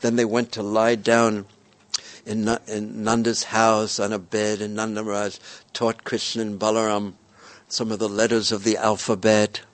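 A man telling a devotional story in a gentle, repetitive storytelling manner. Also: fairly low pitch, monotone, moderate pace, dry recording.

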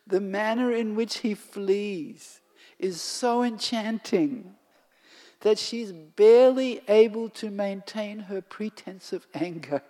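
Slow devotional storyteller in a reverberant hall. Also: mid-range voice. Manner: slow and expressive, sinking to a whisper at times. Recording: long hall reverb, faint music.

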